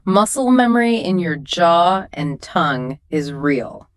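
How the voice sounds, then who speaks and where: A woman with a slightly low voice co-hosts a scripted English exam lesson. She explains vocabulary and pronunciation clearly and instructively, and the recording is dry and close. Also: lively intonation, slow, no room sound. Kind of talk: scripted two-host lesson dialogue.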